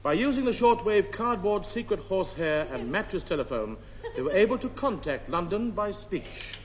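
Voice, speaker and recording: A man's voice: high-pitched, sing-song, moderate pace. A man as the show's announcer in a formal, mock-solemn manner. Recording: muffled old broadcast with hall echo, noise.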